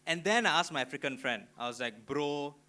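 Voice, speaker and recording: A young man from Malaysia with a Malaysian English accent, doing an animated stand-up routine in front of a live audience. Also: medium pitch, quick pace. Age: young adult. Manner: animated, punchy storytelling. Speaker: stand-up comedian. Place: auditorium stage before a live audience.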